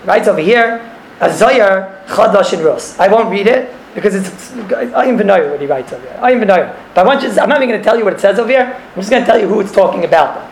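A man's voice: high voice, expressive, racing, few pauses, a little hiss or hum. Guy teaching a religious class, mixing in hebrew and yiddish words, telling stories, roomy echo. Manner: mixes in Hebrew and Yiddish terms, tells stories, repeats phrases. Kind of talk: religious class, explaining a text. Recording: echoey room.

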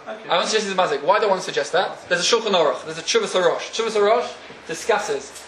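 A man with a notably high voice leads a Talmud class, firing questions at his students and laughing between points. The room is echoey. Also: expressive, fast talker, a crowd in the background. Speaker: teacher.

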